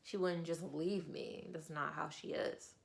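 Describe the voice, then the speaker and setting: A woman's voice: sits low, fairly even intonation, measured pace, gravelly, exaggerated voice. A woman voicing a distraught middle-aged man who insists his wife would not leave him, stumbling over his words. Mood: flustered. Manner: flustered, repeating himself.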